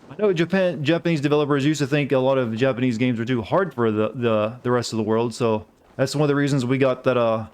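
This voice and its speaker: A man's voice: medium pitch, steady tone, quick pace, few pauses, a little mellow, clear, resonant tone. Sarcastic American man streaming a game. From United States. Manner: rambling, sarcastic, griping asides. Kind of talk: casual gameplay commentary.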